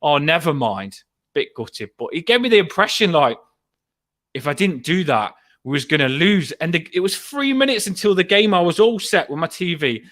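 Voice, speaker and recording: Excitable man buzzing after a win. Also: on the high side, normal speed. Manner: breathless, excitable, rambling with laughs. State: shaky with adrenaline. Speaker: fan podcast host. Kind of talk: excited fan match reaction.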